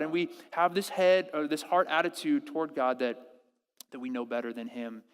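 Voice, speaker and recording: Animated pastor in a reverberant hall. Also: male voice, fairly high pitch, clean tone. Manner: animated, acts out quoted prayers with halting restarts. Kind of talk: sermon. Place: church service.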